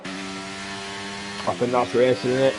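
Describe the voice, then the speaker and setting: A man's voice: on the low side, steady tone, slow, very noisy. A man co-commentating a live sim race, chatty and laying out strategy and stats.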